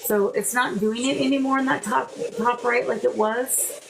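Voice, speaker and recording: A woman's voice: fairly high pitch, steady tone, normal speed, vocal fry, background noise. A woman hosting a live paranormal investigation, calling out to spirits and answering viewers by name. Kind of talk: live ghost-hunt chat.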